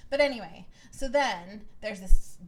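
A woman co-hosting a podcast, casually recapping a reality show and telling the story with lively, acted-out quotes. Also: medium pitch, measured pace, low-quality recording. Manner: animated storytelling, acts out quotes in raised voices. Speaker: podcast co-host.

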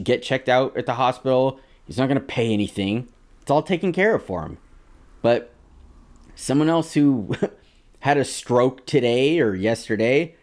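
A man in his thirties co-hosting a podcast, talking in a casual, rambling way with halting restarts. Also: mid-range voice, a little mellow. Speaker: podcast co-host.

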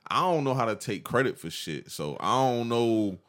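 A man's voice: mid-range voice, very animated, normal speed, a bit bright. A man hosting and producing a podcast, chatting casually in easygoing slang with short replies.

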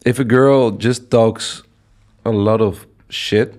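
Man, low pitch, halting casual chat, podcast guest. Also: fairly even intonation, a little mellow. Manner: halting, searches for words, many restarts.

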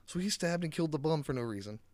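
A man's voice: on the high side, expressive, fast talker, a little mellow, no room sound. A man giving a casual, rambling movie recap, swearing often, sarcastic and full of fillers, on a close mic. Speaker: movie reviewer.

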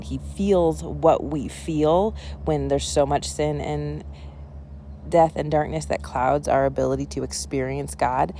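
A woman pastor with a low, gravelly voice talks through her sermon afterward. She rambles conversationally, full of small fillers and side remarks, thinking aloud rather than preaching. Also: noisy background. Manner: rambling and conversational, with frequent ums and asides. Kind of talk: casual spoken reflection on a sermon.

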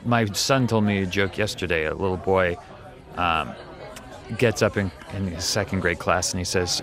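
A man's voice: low voice, moderate pace, crowd noise. A father retelling a joke from his son, voicing the boy and the teacher. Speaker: parent.

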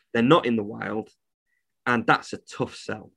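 A man's voice: mid-range voice, measured pace, gravelly, a bit bright. A man, a reptile shop owner, talking bluntly and indignantly as a podcast guest and swearing freely. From United Kingdom. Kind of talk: casual podcast conversation.

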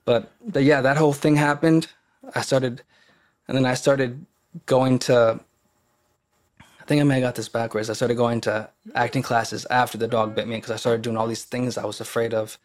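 A man's voice: medium pitch, steady tone, normal speed. A young man, a podcast guest and actor, telling a personal story in casual conversation, rambling with fillers and restarts and acting out quoted voices.

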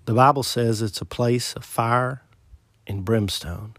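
A man preaching a sermon in an earnest voice, asking rhetorical questions and swelling louder before dropping low. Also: a little slow, no room sound.

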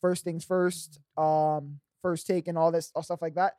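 A man co-hosting a podcast in casual chat, relaxed and matter-of-fact with fillers. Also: on the high side, measured pace, no room sound, studio quality. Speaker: podcast co-host.

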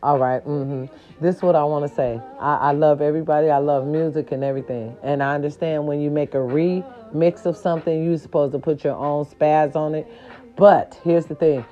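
A woman's voice: low voice, fairly even intonation, moderate pace, dark tone, dull audio. A woman, ranting to her viewers in a sassy, profane and emphatic casual monologue. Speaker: vlogger.

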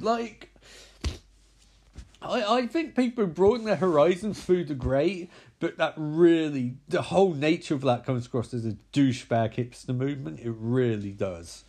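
A man's voice: fairly high pitch, animated, normal speed, darkish tone. Sarcastic man riffing on a movie. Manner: sarcastic, profane, rambling. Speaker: movie reviewer. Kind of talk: comedic movie recap.

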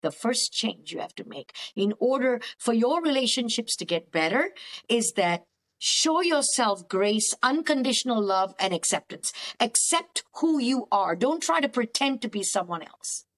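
Emphatic high-voiced woman counsellor. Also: expressive, moderate pace. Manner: emphatic, preachy. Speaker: therapist guest. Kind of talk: faith-based counselling talk.

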